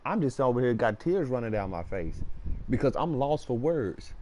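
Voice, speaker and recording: A man's voice: medium pitch, normal speed, slight background noise. A young man casually telling a personal story, acting out the voices of the people in it. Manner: animated storyteller, acts out quoted voices.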